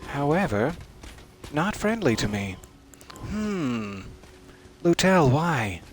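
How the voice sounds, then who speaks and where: A man's voice: fairly high pitch, very animated, slow pace, faint music behind. Wry man musing over gameplay. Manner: wry, musing, talks to game enemies. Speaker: streamer playing a video game. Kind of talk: live gameplay commentary.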